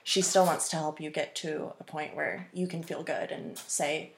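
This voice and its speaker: A woman's voice: on the low side, normal speed, hardly any pauses, fairly bright tone. A woman in her twenties, a runner guest on a podcast, chatting casually and rambling with many ums and restarts. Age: 20s. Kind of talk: casual interview chat.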